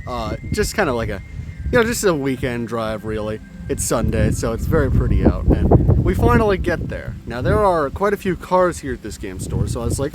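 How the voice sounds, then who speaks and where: A young man telling a story in a casual, rambling way, swearing now and then. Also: mid-range voice. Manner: rambling, profane, self-correcting. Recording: clear background music.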